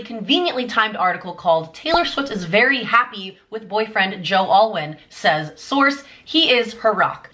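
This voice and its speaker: A woman's voice: medium pitch, sharp tone. A woman in her twenties giving an emphatic, indignant fan commentary to her vlog audience, full of "like". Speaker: YouTuber.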